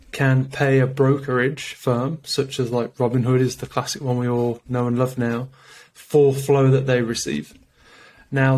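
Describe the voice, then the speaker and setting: A man with a British accent explaining trading in a measured, casual way, with many fillers. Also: medium pitch, darkish tone, a little hiss or hum. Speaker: podcast guest explaining trading.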